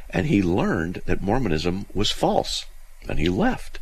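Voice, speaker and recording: A deep, gravelly male radio host, telling stories with big swings in pitch. His voice is husky and a little rough, and he keeps restarting his sentences in a chatty, animated way. This is a casual call-in show. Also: unhurried, low-quality recording. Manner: animated storytelling with restarts, lively and amused.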